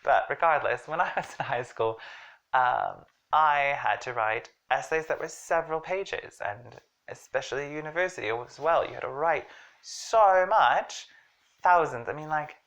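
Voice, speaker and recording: A woman with a strikingly deep, low voice giving a casual English lesson. She chats along with jokes and asides, stressing key words to make her points. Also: lively intonation, normal speed, fairly bright tone. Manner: chatty, jokey, emphatic explaining. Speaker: English teacher. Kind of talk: casual online language lesson.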